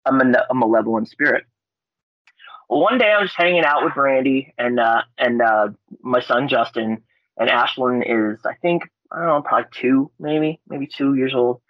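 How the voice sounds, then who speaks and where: A laid-back man from Alaska tells ghost stories in a relaxed, chatty way. He often jumps into loud, high-pitched voices when he quotes people. The audio is dry and a bit dull and lo-fi. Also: normal speed, no echo. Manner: laid-back, frequent fillers and swearing. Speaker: podcast guest. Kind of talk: casual storytelling.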